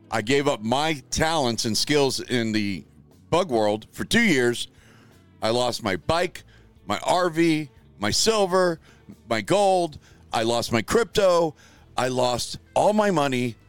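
A man's voice: medium pitch, a bit bright, clear, resonant tone. A middle-aged man hosting a show from a spare room at home, talking in a blunt, rambling, profane way. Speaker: show host. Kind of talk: casual livestream talk.

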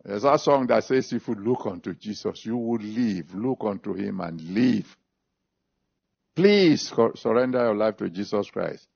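A man's voice: on the low side, expressive, unhurried, gravelly, a little mellow, breathy edge. A man preaching a sermon, stressing and repeating scripture references, then leading an altar call and prayer. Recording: dull lo-fi recording.

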